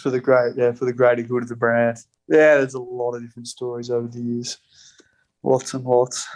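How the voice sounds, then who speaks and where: A man's voice: medium pitch, flat delivery, brisk, darkish tone. A man in a podcast interview, telling rambling stories with heavy swearing and laughs between lines. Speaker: podcast guest, spirits company co-founder. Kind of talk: casual storytelling.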